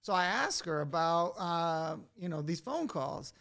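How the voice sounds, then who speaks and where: A man hosting a podcast who tells a personal story in casual conversation. He is animated, laughs often and fills his speech with "like". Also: a little high, measured pace, vocal fry.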